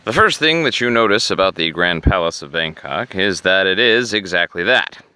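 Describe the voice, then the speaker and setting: A man narrating a comedic travel vlog with deadpan, crude jokes and offhand asides. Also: sits low, moderate pace, smooth. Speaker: travel vlogger.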